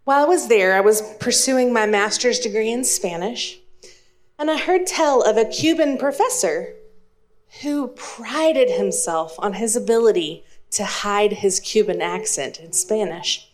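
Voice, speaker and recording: A woman's voice: mid-range voice, lively intonation, measured pace. A woman in her thirties from East Texas, with an East Texas accent, telling a humorous, self-deprecating story as a speaker to a live audience. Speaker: speaker and Spanish teacher.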